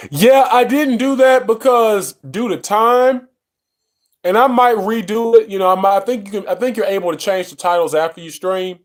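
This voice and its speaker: A man with a fairly high voice hosts a loose live stream recorded on his phone. He chats with viewers, greets them by name and trails into ums and restarts as he talks. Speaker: livestream host. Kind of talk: casual live-stream chat. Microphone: phone mic.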